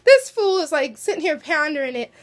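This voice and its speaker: A woman giving a chatty, animated recap of a TV episode, with lots of fillers and asides. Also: sits high, a little fast.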